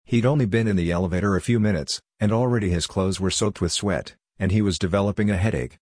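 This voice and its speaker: Low-voiced guy narrating a sci-fi audiobook, steady and even. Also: fast talker, dry recording, clean studio sound. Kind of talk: scripted narration.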